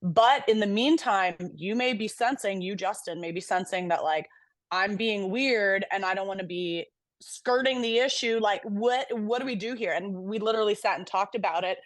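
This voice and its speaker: A woman's voice: mid-range voice, normal speed, no echo. A young woman co-hosting a podcast, talking candidly and reflectively in casual chat, with casual swearing. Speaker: podcast co-host.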